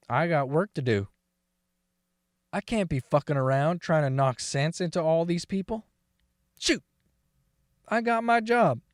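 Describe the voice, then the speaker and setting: A man doing a rough-talking old farmer who swears freely and drawls his words in a folksy monologue. The voice sits a touch high for a man and is recorded close and dry, with no room sound. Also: dry recording, close to an everyday voice. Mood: proud, resolute. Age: older. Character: profane, folksy older male farmer, sober ex-drunk. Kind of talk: dramatic monologue reading.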